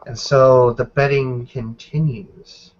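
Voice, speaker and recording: A man running a tabletop game as game master, describing the scene in a measured way. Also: medium pitch, fairly even intonation. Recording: dull lo-fi recording.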